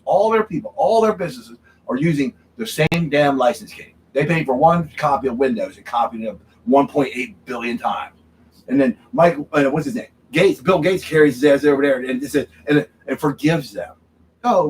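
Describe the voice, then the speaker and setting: Ranting man, high-pitched and heated. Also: rough recording. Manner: angry, repetitive ranting, keeps tagging "okay?". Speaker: livestream host. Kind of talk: drinking-show rant. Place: home studio.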